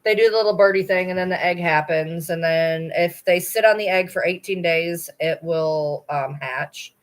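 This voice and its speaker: A woman's voice: on the low side, normal speed. A woman chatting casually on a livestream, rambling and cooing to her dogs between remarks, blunt and swearing now and then. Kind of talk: casual chat during a livestream.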